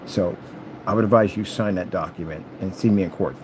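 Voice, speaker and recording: A YouTuber with a deep voice rattles off a rambling, taunting monologue aimed at a rival, speaking fairly quickly. He repeats stock phrases and hums to himself while working through paperwork indoors, with background noise audible.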